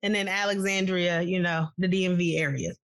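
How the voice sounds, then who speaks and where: A woman's voice: on the low side, steady tone, a little fast, background noise. A woman co-hosting a podcast, chatting in an upbeat way and greeting listeners. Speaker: podcast co-host. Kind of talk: casual chat.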